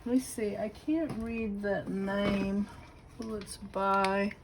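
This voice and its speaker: A woman with a Southern US accent showing a crafted notebook to her camera at home, gushing with admiration and slipping into breathy asides. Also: mid-range voice, fairly even intonation, takes it slowly, noisy background. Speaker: craft channel host. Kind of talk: casual unboxing show-and-tell.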